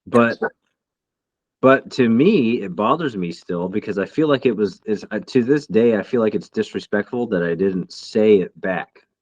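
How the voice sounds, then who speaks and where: A man co-hosting a podcast, a military veteran speaking in a reflective, halting way in casual chat. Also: on the low side, expressive, a little mellow, highs cut off.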